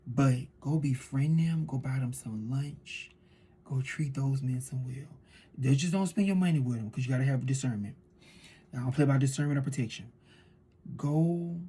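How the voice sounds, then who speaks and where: A woman tarot reader in a casual spiritual monologue, fervent and preachy, swinging between loud declarations and hushed asides. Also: extremely low pitch, husky.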